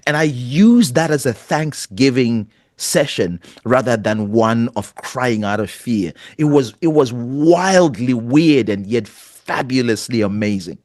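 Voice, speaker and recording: A man's voice: medium pitch, lively intonation, unhurried, few pauses, a little mellow, no echo, studio quality. A middle-aged man, a pastor, earnestly telling a personal story in an interview. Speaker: pastor and guest.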